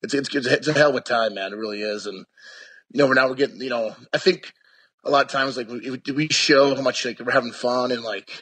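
A man's voice: mid-range voice, fairly quick, fairly bright tone, breathy edge. A young man chatting casually as an interview guest, rambling with lots of restarts and fillers.

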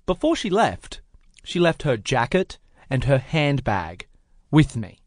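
Animated man telling a story. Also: slow pace, no room sound, clean studio sound. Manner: animated, acts out the other people in his story with jumps in pitch. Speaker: podcast co-host. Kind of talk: casual storytelling chat.

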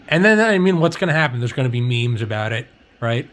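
A man's voice: mid-range voice, very animated, fairly quick, a bit bright, slight background noise. A young man hosting a podcast in casual chat, rambling and swearing, laughing often. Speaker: podcast host.

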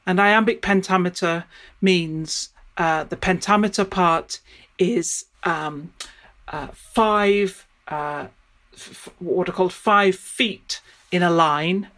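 A woman's voice: fairly low pitch, slow, fairly bright tone. A woman professor explaining in an interview, thinking aloud and often stopping to restart her sentences. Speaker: professor of Shakespeare studies.

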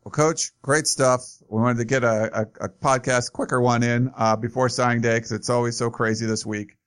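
A man's voice: mid-range voice, fairly even intonation, normal speed, clear, resonant tone. Easygoing male podcast host. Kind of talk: casual podcast chat.

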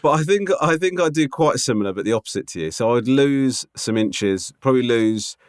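A man's voice: medium pitch, expressive, a little fast, smooth, dry recording, clean studio sound. A man co-hosting a podcast, teasing and self-deprecating, who reads out listener emails. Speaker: podcast co-host. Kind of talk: casual chat, reading listener emails.

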